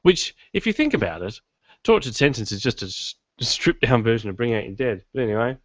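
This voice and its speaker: This podcast host talks fast in a mid-range voice, very animated, rambling and poking fun at himself as he chats casually. He records from a home studio in his garage. The audio is dry, dull and lo-fi, with no echo at all.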